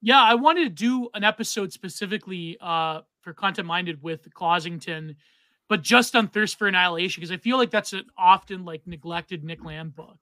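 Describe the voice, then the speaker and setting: A man's voice: sits high, normal speed, pushed and bright, no room sound. A man co-hosting a livestreamed podcast, rambling in casual chat with lots of restarts. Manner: rambling, many fillers and restarts. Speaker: podcast co-host.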